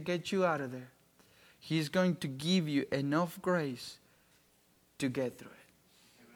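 A man preaching a sermon, telling a story with great emotion and swinging between loud pleading and hushed, quiet tones. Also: on the high side. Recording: long reverb of a large hall.

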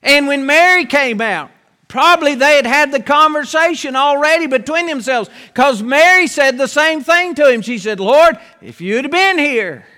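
A man preaching a sermon in an earnest way, repeating key phrases with slow, weighty pauses. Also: very high-pitched, sharp tone, big-room sound.

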